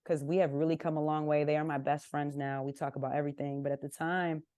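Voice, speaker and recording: A young woman from Southern California tells candid stories as a podcast guest, slipping into her family's voices. Her voice sits a little low, and it is recorded close and dry. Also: quick pace, no echo. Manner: candid, animated, acts out family members' lines. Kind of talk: casual interview storytelling.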